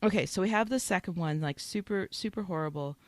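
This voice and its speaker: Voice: medium pitch, fast, dry recording. A podcast co-host in casual chat, retelling TV scenes with a lot of emotion. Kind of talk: casual chat about a TV episode.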